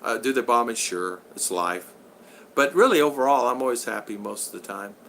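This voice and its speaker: A man's voice: mid-range voice, expressive, brisk, vocal fry, a bit bright, slight background noise. Upbeat rambling older man from Utah. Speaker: livestream host. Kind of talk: casual livestream chat reading viewer comments. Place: home in the Philippines.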